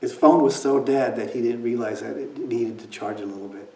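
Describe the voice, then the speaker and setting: A man's voice: mid-range voice, a little fast, mellow. Storytelling man in an echoey hall. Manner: storytelling, acts out quoted voices, drops to near whispers. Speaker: meditation teacher. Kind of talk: dharma talk. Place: meditation hall. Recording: echoey room, mic at a distance, faint noise.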